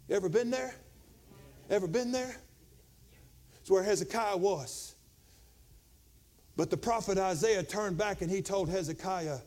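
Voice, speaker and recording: High-voiced preacher swinging between shouts and hush. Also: male voice, normal speed, pauses often. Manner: preaching with swings from loud shouting to quiet low storytelling. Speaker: pastor. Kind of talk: sermon.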